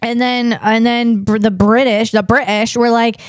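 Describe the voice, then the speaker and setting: A woman's voice: on the high side, steady tone, a little slow, no room sound, clean studio sound. A woman podcast host and comedian chatting casually, rambling and digressing with many restarts.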